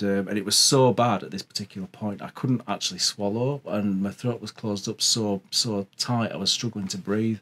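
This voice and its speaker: A man's voice: on the low side, slightly rough. A man from England, the interviewer in a casual conversation, sharing his own experience in a chatty, agreeable way.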